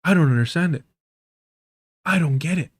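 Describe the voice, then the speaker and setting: A man's voice: a little high, normal speed, slightly rough. A man hosting a livestream, giving sarcastic, profane reaction commentary and talking straight to his chat. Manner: addresses chat directly. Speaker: livestream host.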